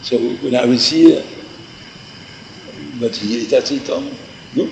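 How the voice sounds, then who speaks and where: Gravelly older man telling a rambling story. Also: mid-range voice, measured pace, a little mellow, slight background noise, rough recording. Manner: meandering, repeats himself, mixes in Yiddish and Hebrew words. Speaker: storyteller recalling yeshiva days.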